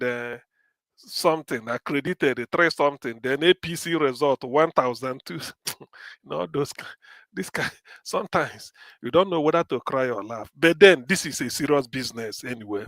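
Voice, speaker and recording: High-voiced Nigerian man, animated commentary. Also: no echo. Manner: animated, switches between English and Pidgin. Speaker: political commentator. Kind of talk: live-stream political commentary.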